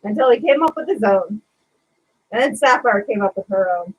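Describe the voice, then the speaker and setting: A woman co-hosting a casual podcast, telling a sarcastic retail story in a lively, chatty way. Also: mid-range voice, normal speed, breathy edge, muffled recording. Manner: animated, sarcastic retelling of a retail customer. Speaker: podcast co-host.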